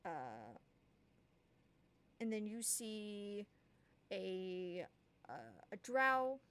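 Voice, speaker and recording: A woman runs a tabletop game as its game master. She narrates at a slow pace, stopping often with fillers as she sets each scene. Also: medium pitch. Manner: slow, hesitant, many fillers.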